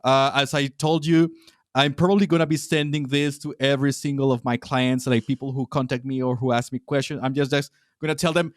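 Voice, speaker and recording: A Latino podcast host from Latin America conducts an interview in a medium-pitched, fairly even voice, speaking a little fast. He talks casually but hesitantly, with frequent restarts and fillers, on clean, studio-quality audio with no echo.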